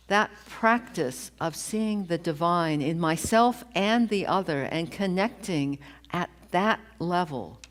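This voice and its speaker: A woman minister giving a sermon in a slow, deliberate, reflective way, from a church sanctuary. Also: fairly low pitch.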